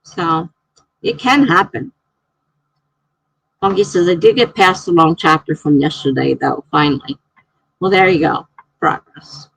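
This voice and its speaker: A chatty woman running a writing livestream, her voice gravelly with a husky edge. She laughs a lot, thinks out loud and reads comments to her viewers. The sound is dry and close. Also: on the low side, a little slow, pauses often, no echo, poor audio. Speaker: writer hosting a livestream. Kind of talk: casual livestream chat, reading viewer comments aloud.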